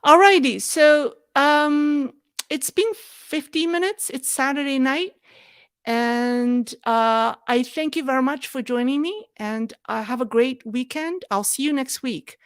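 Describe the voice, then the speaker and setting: A woman hosts a live chat, answering viewer questions at a slow, unhurried pace. Her voice sits a little high, and she talks in a thoughtful, halting way. The sound is dry and close, with no room around it. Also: clear, resonant tone, no room sound. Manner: thoughtful, halting, with restarts and soft laughs. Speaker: host of a live Q&A show.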